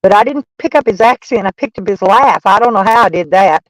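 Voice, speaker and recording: Texan woman streamer, loose and profane, mid pitch, dry sound. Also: lively intonation, a little fast, dry recording, rough recording. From Texas. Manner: rambling, profane, folksy. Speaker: live streamer. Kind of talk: casual live-stream chat.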